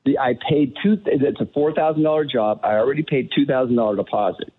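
A man calls into a radio show over a tinny phone line. His voice is a bit husky and middling in pitch. He stumbles, restarts, and repeats himself as he explains. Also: fairly quick. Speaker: caller. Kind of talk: phone-in call.

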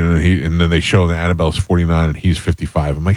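A deep-voiced man in his fifties spins anecdotes in a relaxed group chat. He leans into exaggerated disbelief when he retells things. The sound is close and dry. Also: fast, hardly any pauses, no room sound. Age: 50s. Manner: animated storyteller, exaggerated disbelief. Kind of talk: casual chat.

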